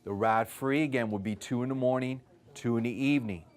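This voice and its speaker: Man, wellness presenter, animated storytelling, frequent "okay?" check-ins, mid-range voice. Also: mid-range voice, fairly quick. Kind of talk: live talk with stories.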